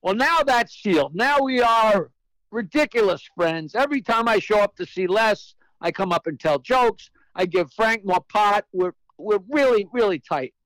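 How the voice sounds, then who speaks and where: Male comedian, crude storytelling, acts out the quotes, very high voice, dry sound. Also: expressive, moderate pace, a bit bright, no echo, poor audio. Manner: brash, profane joke-teller. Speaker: guest comedian. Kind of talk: storytelling anecdote.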